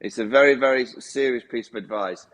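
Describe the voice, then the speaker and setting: A man chatting as a cricket pundit at a mid pitch. He starts and restarts with small fillers, and slips dry jokes in along the way. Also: fairly bright tone. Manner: halting with fillers, dry humor. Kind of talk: casual chat.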